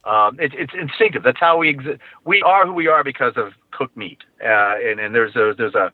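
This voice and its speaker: A man's voice: mid-range voice, animated, a little fast, background noise. A male guest on a casual podcast, talking eagerly and at length about collecting grills and books, with many restarts. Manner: enthusiastic, rambling with restarts. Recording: dry, phone-like line.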